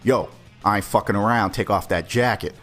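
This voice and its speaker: A man's voice: on the low side, brisk, fairly bright tone, soft background music, close to an everyday voice. A man voicing a menacing young male street robber who talks in curt, insistent slang. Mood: threatening.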